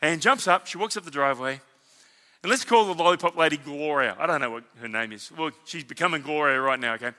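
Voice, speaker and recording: A man with an Australian accent preaching a sermon as senior pastor, telling stories in an animated, emphatic and conversational way. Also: a little high, fast talker, long reverb tail. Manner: animated storytelling, emphatic, conversational asides to the congregation.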